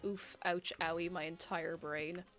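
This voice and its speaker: A woman's voice: lowish voice, little pitch movement, a little slow, fairly bright tone, soft background music. A woman streamer chatting casually with her viewers, rambling, giggling and poking fun at herself. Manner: rambling, giggly and self-mocking. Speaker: livestreamer. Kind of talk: casual chat reading viewer messages.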